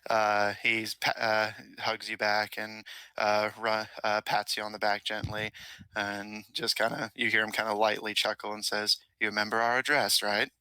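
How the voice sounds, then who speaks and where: Male game master, halting narration, low bright voice, clear. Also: monotone, no room sound, low-quality recording. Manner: halting, filler-heavy narration.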